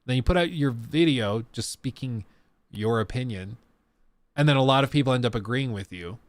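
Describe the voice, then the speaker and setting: A man's voice: medium pitch, moderate pace, dry recording. A man in his thirties from the US South with a faint Colorado accent, chatting casually on a live stream, rambling and restarting sentences. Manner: rambling, self-interrupting, reads chat aloud. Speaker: streamer host.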